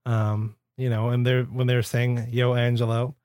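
A man's voice: medium pitch, little pitch movement, measured pace, dark tone, no echo, studio quality. A man co-hosting a podcast, chatting playfully and laughing easily. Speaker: podcast co-host. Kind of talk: casual podcast chat.

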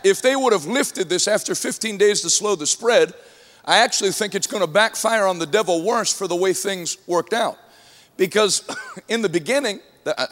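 A man preaching a sermon to a congregation, telling humorous stories and at times rising to shouts. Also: high-pitched. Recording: long hall reverb.

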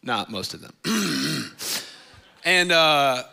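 A man's voice: on the high side, animated, extremely slow, vocal fry, pushed and bright. A man in his thirties preaching a sermon in a church, emotional and rambling, getting tearful at times. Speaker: guest preacher. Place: church stage.

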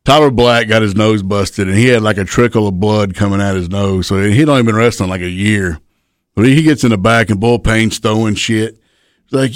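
A middle-aged retired pro wrestler, appearing as a guest, tells laid-back, profane backstage anecdotes in casual chat. His voice sits on the low side and moves a little fast, recorded at studio quality with no room sound.

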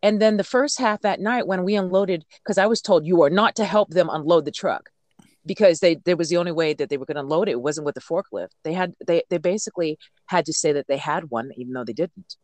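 A truck driver from the United States tells road stories in a casual podcast chat. The voice sits in the middle of the pitch range and is recorded dry and close. The delivery is animated and blunt, with swearing and words repeated when the feelings run high. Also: fast, no room sound.

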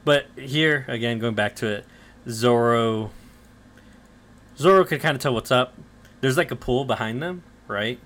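A man co-hosts a podcast recapping anime, his medium-pitched, fairly bright voice a little slow with frequent pauses. He retells episodes in loose, casual chat packed with fillers and swearing, acting out character lines.

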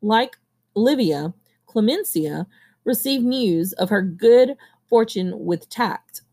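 Gravelly-voiced woman reading a novel aloud. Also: medium pitch, slow. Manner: steady reading with occasional coughs and self-corrections. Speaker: audiobook reader. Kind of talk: amateur audiobook reading.

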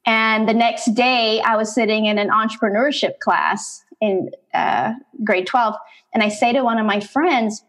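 A middle-aged woman, an interview guest, telling her life story in conversation, animated and acting out bits of past dialogue. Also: mid-range voice, a little fast.

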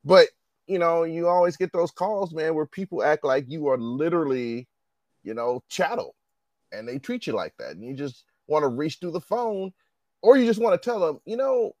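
A man's voice: fairly high pitch, lively intonation, normal speed, a little mellow, dry recording. A man in his forties in casual chat, telling stories with lots of swearing and acting out quoted dialogue.

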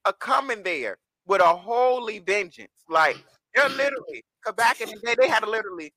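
A podcast co-host ranting in an expressive casual chat. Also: medium pitch, a little fast, no echo.

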